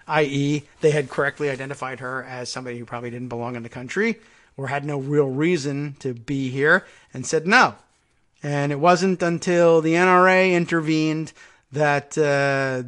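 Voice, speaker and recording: A man's voice: a little high, a bit bright. A man hosting a political talk show, reading news articles aloud with sardonic asides and many fillers. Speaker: political talk radio host.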